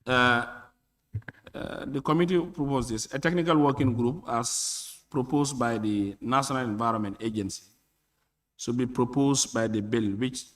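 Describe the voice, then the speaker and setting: A man presenting committee recommendations in a halting, filler-heavy way. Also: medium pitch, a bit bright. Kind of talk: formal parliamentary address. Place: legislative chamber.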